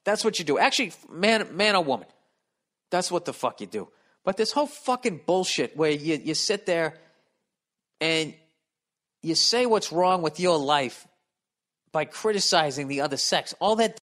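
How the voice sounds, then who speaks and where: A man in his fifties with a Boston accent hosting a solo podcast, reading listener mail aloud and riffing on it in a profane, animated rant. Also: on the high side, normal speed, long pauses. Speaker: podcast host.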